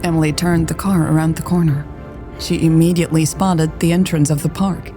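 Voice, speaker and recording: A woman narrating a romance story in a steady, unhurried scripted reading. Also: low voice, soft background music. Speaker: audiobook narrator.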